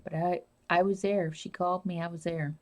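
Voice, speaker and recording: A woman's voice: on the low side, fairly even intonation, fairly quick, darkish tone. A woman hosting a casual live stream, rambling and answering viewer comments as she talks.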